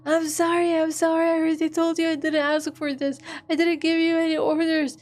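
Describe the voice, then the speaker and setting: A woman voicing a frightened young woman who pleads through her tears in a high, strained voice. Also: steady tone, normal speed, dark tone, natural voice. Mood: desperate pleading.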